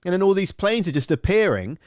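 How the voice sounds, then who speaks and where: A man's voice: sits high, very animated, a little fast, no room sound, studio quality. A man hosting a live radio stream, chatting casually and telling a rambling, profane, jokey story full of silly acted-out voices.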